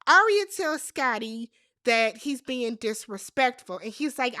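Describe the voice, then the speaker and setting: Woman, high voice, dry close sound, sassy, animated, casual recap host. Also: measured pace, dry recording. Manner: animated, sassy, emphatic repetition.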